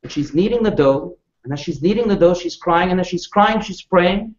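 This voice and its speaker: Expressive male rabbi teaching in an echoey room. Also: moderate pace. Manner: expressive, with wide swings in pitch and loudness; asks the audience questions. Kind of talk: storytelling lecture to a live audience. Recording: echoey room, dull lo-fi sound.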